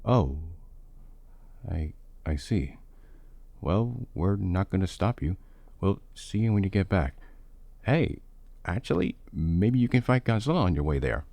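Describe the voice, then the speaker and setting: A man voicing a calm, easygoing middle-aged brother who has lived abroad for decades, in a relaxed, teasing way, for a fan-made audio story. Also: low voice, a little slow, vocal fry, pauses often, dry recording, exaggerated voice. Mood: puzzled.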